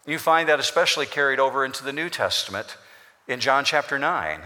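A man's voice: medium pitch, lively intonation, fairly quick, bright, forceful tone. A man preaching a sermon as pastor, explaining scripture in an emphatic, repetitive way in a church. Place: church sanctuary. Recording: long hall reverb.

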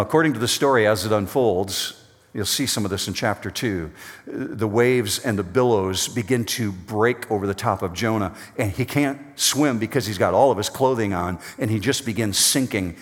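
A man preaching a sermon, reading scripture aloud with dramatic swings between loud urgent passages and quiet low asides. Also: normal speed. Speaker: pastor. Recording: long hall reverb.

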